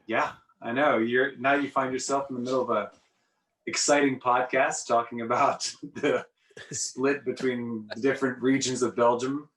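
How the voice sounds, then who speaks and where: A man's voice: mid-range voice, steady tone, normal speed, a bit bright. A man from the south of France, a podcast guest, chatting easily with lots of uhs over a remote call. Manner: easygoing, meandering, many uhs. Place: home room by the sea in England. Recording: roomy, distant call audio.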